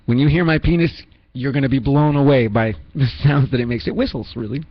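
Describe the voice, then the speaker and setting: A man's voice: medium pitch, a little fast, no room sound, highs cut off. Rambling, self-mocking male radio host. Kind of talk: comedic radio banter.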